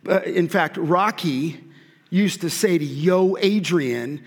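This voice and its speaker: High-voiced male preacher in a reverberant hall. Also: measured pace. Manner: earnest, emphatic preaching with frequent restarts. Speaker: pastor. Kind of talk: sermon.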